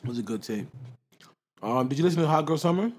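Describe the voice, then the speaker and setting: Man, casual talk co-host, husky, lively pitch, a bit high. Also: fast. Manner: animated, quotes people in raised voices. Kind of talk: casual chat.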